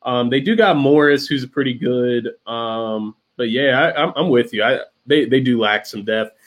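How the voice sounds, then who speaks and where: A man co-hosting a casual sports podcast, relaxed, with lots of fillers and restarts. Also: medium pitch, moderate pace. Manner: relaxed, many fillers and restarts, laughs often. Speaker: podcast co-host.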